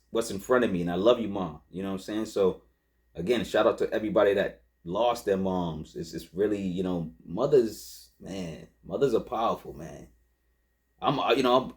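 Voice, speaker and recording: A man's voice: lowish voice, a little mellow. A man in his forties hosting a podcast and reviewing a rap album in a laid-back, rambling, emotional way with many fillers.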